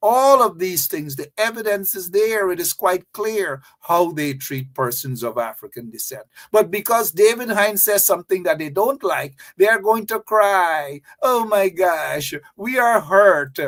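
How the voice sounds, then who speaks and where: A man's voice: high-pitched, expressive, moderate pace, hardly any pauses, fairly bright tone. A man hosting a political commentary show, reading out a news item and then railing against it with indignant, mocking repetition.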